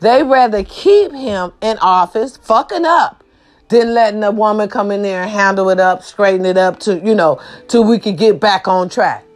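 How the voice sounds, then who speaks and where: A woman ranting to camera, blunt and profane, firing rhetorical questions and swinging between shouting and low muttered asides. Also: moderate pace. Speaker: social media commentator. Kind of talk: impassioned rant to camera.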